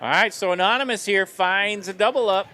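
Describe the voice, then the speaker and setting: A man's voice: sits high, brisk, pushed and bright. A man calling live poker play-by-play in an upbeat manner, laughing easily. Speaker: poker commentator.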